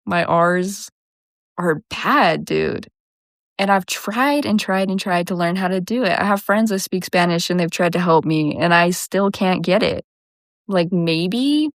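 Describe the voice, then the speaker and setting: A woman's voice: fairly low pitch, dry recording, studio quality. A young woman from New Mexico with a Southwestern accent and a slight country twang, telling a story in a chatty, laid-back way and often tagging on "right?". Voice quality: slightly lazy, drawling speech. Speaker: vlogger. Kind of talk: casual storytelling to camera.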